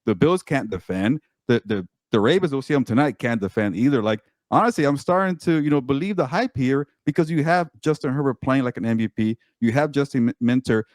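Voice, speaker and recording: Emphatic man with a mid-pitched voice. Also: fairly quick, hardly any pauses, no echo, studio quality. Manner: emphatic, repeats words, animated. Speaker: sports podcast co-host and columnist. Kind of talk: casual sports talk.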